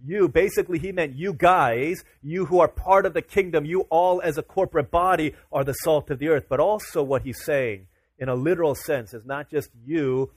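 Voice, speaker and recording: Man, pastor, sermon, fairly high voice, conversational, emphatic peaks, dry close sound. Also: dry recording. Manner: conversational preaching, rising to emphatic declarations.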